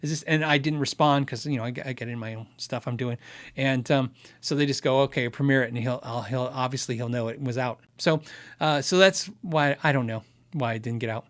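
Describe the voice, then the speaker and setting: A man's voice: mid-range voice, brisk, a bit bright. A man hosting a guitar tech channel, answering viewer questions in a live-stream chat, earnest and thinking aloud with many restarts.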